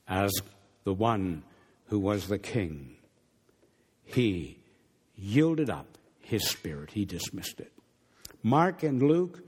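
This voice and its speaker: A man preaching a sermon, dropping low and hushed on some phrases and lifting sharply on others. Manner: wide swings between low hushed phrases and raised emphatic ones. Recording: long hall reverb.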